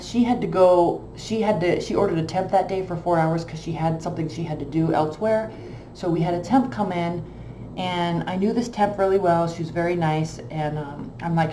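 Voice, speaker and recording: Speaking at a moderate pace in a lowish voice, this woman, a tarot reader, rambles through a long personal anecdote. She's casual, animated and emotional, and the echoey room recording carries a faint background hum.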